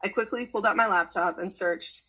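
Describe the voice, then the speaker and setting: A woman reading a personal story aloud in a measured way, with a husky voice. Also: medium pitch, fairly bright tone, low-quality recording.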